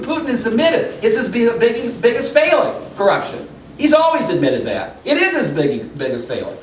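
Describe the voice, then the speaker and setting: A middle-aged man giving a hurried, animated political science lecture at a breakfast meeting, with many restarts. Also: high voice, slight background noise. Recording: echoey room, mic far off.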